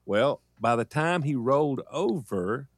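A man co-hosting a morning radio show, teasing his co-host and telling a news story in a relaxed way with fillers. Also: mid-range voice, a little slow, dry recording.

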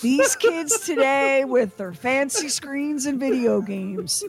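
A woman's voice: high-pitched, animated, slow, music in the background. A woman hosting a radio talk show, teasing her co-host and leading into a break. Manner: playful, teasing.

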